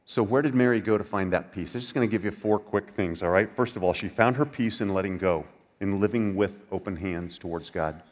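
An older man preaching a sermon in a conversational way. He asks the listeners questions and drops into soft, quiet passages. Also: on the low side, brisk. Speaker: pastor.

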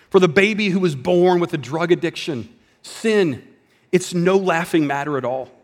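A man preaching a sermon in a conversational style, dropping at times to a hushed voice for emphasis. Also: high voice, big-room sound. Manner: conversational preaching with dramatic drops to a whisper. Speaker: pastor.

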